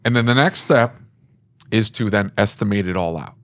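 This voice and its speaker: A man with a fairly low voice hosts a casual podcast and walks listeners through business advice in a plain, coaching way. The sound is dry and close, with no room around it. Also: animated, moderate pace, no echo. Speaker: podcast host and shop owner.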